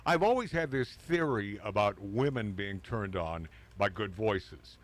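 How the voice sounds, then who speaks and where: A man's voice: lowish voice, animated, a little slow. A man hosting a talk radio show, reading news items aloud and joking with his co-hosts, laughing often. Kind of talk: casual talk radio banter.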